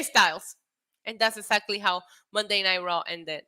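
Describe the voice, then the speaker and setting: A young woman streamer chatting casually on a live stream, telling stories in an excitable, animated way with lots of swearing. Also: mid-range voice, takes it slowly, pauses often, raised voice.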